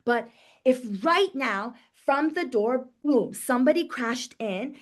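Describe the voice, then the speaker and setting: A middle-aged woman teaching a live somatic wellness webinar from her home office over a video call, talking conversationally and acting out everyday examples with quick voiced reactions. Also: high-pitched, lively intonation.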